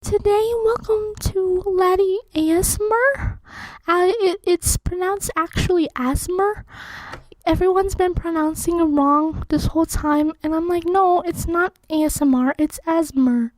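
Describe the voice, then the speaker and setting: Woman, whispered role-play, soft and playful, very high and slow. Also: steady tone, no room sound, low-quality recording.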